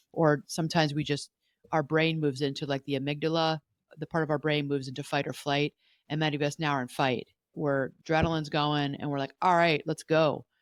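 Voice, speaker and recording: A woman's voice: low voice, dry recording, studio quality. A woman therapist hosting a podcast, giving earnest advice in a coaching tone and often repeating herself. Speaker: podcast host, family therapist.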